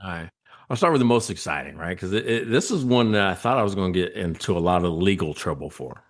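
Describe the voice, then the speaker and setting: Podcast guest, man, lowish voice, animated storyteller who acts out quotes and laughs a lot. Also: fast talker. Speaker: guest, former state trooper.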